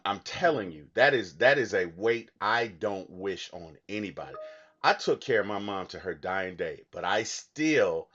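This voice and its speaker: A man's voice: fairly low pitch, a bit bright, dull audio. A man co-hosting a casual movie discussion, talking earnestly and emphatically, often restarting his sentences. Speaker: movie podcast co-host.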